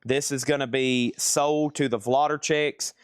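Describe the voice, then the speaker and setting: Energetic man rattling off auction bids. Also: mid-range voice, unhurried, clear, resonant tone, dry recording, studio quality. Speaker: host selling records in a live online sale. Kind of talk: live sales stream patter. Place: indoor room full of record crates.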